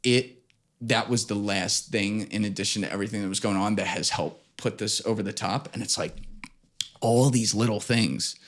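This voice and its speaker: A man as a podcast guest in casual chat, telling stories in an animated way, with plenty of swearing and acted-out quotes. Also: lowish voice, moderate pace. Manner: animated, profane, acts out quotes.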